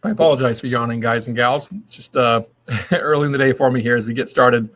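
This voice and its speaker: Male host, mid-pitched voice, casual motivational chat, lots of fillers, somewhat muffled webcam audio. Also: brisk, fairly bright tone. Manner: friendly, rambling, with many fillers and restarts. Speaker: host of a daily live video. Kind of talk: casual motivational live stream.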